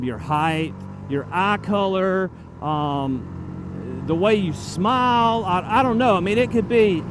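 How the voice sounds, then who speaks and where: A man casually rambling to his viewers while riding a motorcycle through town, drifting off topic and swearing now and then. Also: high voice. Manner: chatty, digressive, loose and profane. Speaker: motorcycle vlogger. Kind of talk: casual rambling vlog talk. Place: riding on a town road outdoors. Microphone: helmet-mounted camera mic. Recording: road and traffic noise outdoors.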